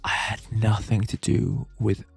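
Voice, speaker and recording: A man's voice: fairly low pitch, monotone, measured pace, gravelly, slightly rough, soft background music, full character voice. A man voicing a frightened schoolboy who pleads and stammers, a whispered role-play. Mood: pleading. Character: frightened schoolboy protesting his innocence.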